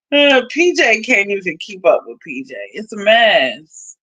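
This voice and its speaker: Blunt, bright-voiced woman streamer. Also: medium pitch, muffled recording. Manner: blunt, profane, laughs often. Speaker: livestream host. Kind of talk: casual livestream chat.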